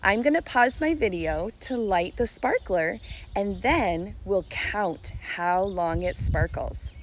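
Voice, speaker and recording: A woman teaching preschoolers in a lesson video, talking in a slow, encouraging sing-song and stretching out words to clap their syllables. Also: medium pitch, expressive, a little hiss or hum. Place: outdoors on a summer day.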